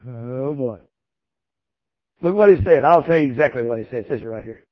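A man's voice: medium pitch, animated, a little fast, no room sound, dull audio. A man preaches a sermon in a folksy, emphatic, repetitive way.

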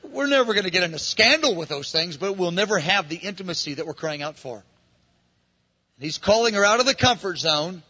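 A man's voice: high voice, expressive, normal speed, pushed and bright, dull audio. A man preaching a sermon in an earnest manner, acting out dialogue and repeating phrases, recorded in a large church hall. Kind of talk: sermon teaching.

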